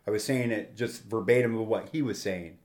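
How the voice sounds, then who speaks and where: A man's voice: lowish voice, a little fast, darkish tone. A man in his forties, a guest telling a personal testimony in a plainspoken, rambling way, with restarts and quoted dialogue.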